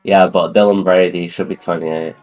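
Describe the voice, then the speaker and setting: A man at a tabletop game table, chatting in character with dry, matter-of-fact remarks. His voice sits very low, with faint music behind. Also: level tone, moderate pace, a little mellow. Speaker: player.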